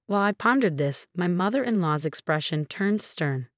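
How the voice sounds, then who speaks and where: A woman narrating a first-person story in an even, measured way. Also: on the low side, dry recording, studio quality.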